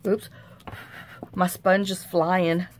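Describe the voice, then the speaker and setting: A woman's voice: fairly low pitch, flat delivery, very slow, a little hiss or hum. A middle-aged woman, hosting a chatty crafting tutorial at her craft table and rambling off on folksy, self-mocking tangents.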